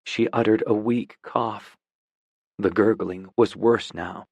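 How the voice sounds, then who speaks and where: A male audiobook narrator reading a dramatic story at a slow, deliberate pace. His delivery is intense and drops to a hush in the tense moments. The sound is dry and close, with no room around it. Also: lowish voice, steady tone, gravelly, slightly rough, no room sound.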